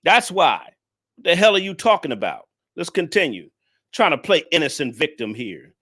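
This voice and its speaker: A man's voice: fairly high pitch, very animated, moderate pace, pushed and bright. A man hosting a livestream, scolding his viewers in a preachy, repetitive rant. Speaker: livestream commentator. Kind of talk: ranting livestream commentary.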